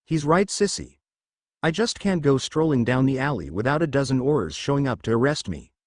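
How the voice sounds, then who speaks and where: A man's voice: medium pitch, lively intonation, brisk, no echo, natural voice. A man voicing Bella, a playful, affectionate adult witch, in a dry, close storybook reading. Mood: rueful. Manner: teasing, affectionate.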